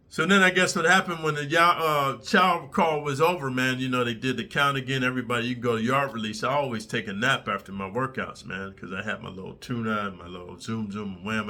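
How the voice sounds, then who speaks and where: A middle-aged man tells a prison story straight to his audience, talking blunt and streetwise with plenty of cursing. His voice is mid in pitch but strikingly bright and tense. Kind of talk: casual storytelling to camera.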